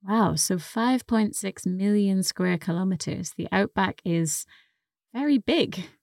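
Slow, careful woman English teacher. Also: medium pitch, gravelly, darkish tone, no room sound, studio quality. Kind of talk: language-lesson podcast.

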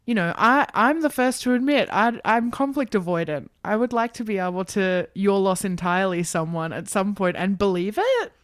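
A woman's voice: mid-range voice, lively intonation, normal speed, hardly any pauses, no echo, clean studio sound. A woman co-hosting a casual podcast, chatty and self-deprecating, laughing often. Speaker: podcast co-host. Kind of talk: casual chat.

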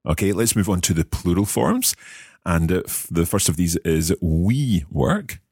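A man's voice: low voice, lively intonation, measured pace, darkish tone, slightly rough, no room sound, clean studio sound. A British man hosting a podcast language lesson, guiding learners patiently with wry puns. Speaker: language course host.

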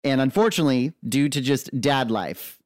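A young man co-hosting a podcast in casual chat, talking in an excitable, gushing way. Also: mid-range voice, normal speed, no room sound, clean studio sound. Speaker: podcast co-host.

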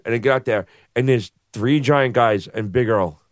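A man's voice: medium pitch, moderate pace, few pauses, dry recording, clean studio sound. A man telling a long story in casual chat, swearing freely and acting out the voices of the people in it.

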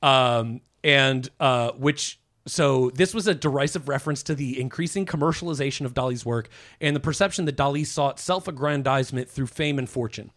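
A man's voice: medium pitch, moderate pace, fairly bright tone. A man presenting as a guest on a casual podcast, explaining with lots of fillers and restarts. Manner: hesitant, full of fillers.

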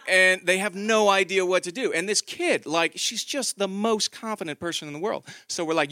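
A man in his thirties performing a stand-up comedy set, telling a story with animated delivery and acted-out quotes. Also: high-pitched, moderate pace, hardly any pauses, no room sound, studio quality.

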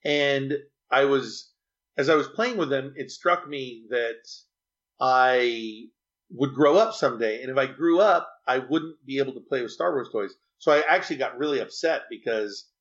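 Man, interview guest, earnest rambling storyteller, mid-pitched voice, slightly muffled lo-fi sound. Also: normal speed, fairly bright tone.

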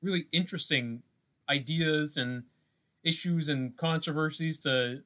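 A man co-hosting a podcast, chatting casually with many pauses, restarts and "you know"s. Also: fairly high pitch, sharp tone. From Scottish roots. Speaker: podcast co-host. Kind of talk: casual chat.

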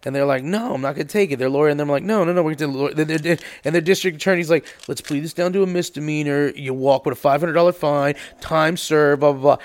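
A man's voice: a little high, fast, hardly any pauses. A man co-hosting a podcast, swearing freely and acting out the people in his stories. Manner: profane storyteller acting out quotes. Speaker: podcast co-host. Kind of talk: casual podcast banter.

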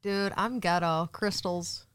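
A woman's voice: on the low side, slow pace, fairly bright tone, clear, resonant tone. A woman hosting a live podcast, chatting bluntly and laughing easily. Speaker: podcast host. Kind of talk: casual chat, live podcast.

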